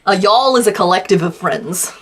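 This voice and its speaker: A woman's voice: medium pitch, normal speed, breathy edge. An Australian woman from Western Australia chatting casually to her live-stream chat while crocheting, laughing often.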